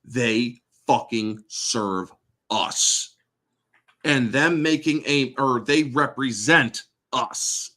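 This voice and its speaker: A man's voice: mid-range voice, extremely slow, bright, forceful tone. A male host delivering a blunt, sarcastic political rant full of swearing.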